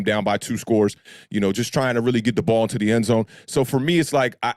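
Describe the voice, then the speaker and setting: A man with a deep voice hosting a casual sports talk show, laid-back and slangy, addressing listeners directly. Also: dry recording, studio quality. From United States. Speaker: podcast host.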